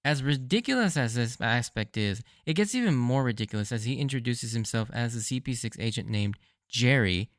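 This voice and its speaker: A man in a dry, close-sounding space talks through anime episodes for his podcast. He keeps it casual and excited, with plenty of chuckles and "like"s. His voice sits at an ordinary pitch. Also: fairly quick, dry recording. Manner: enthusiastic, laughs often while recapping; casual, filler-heavy with frequent "like". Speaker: podcast host. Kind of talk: solo rewatch commentary.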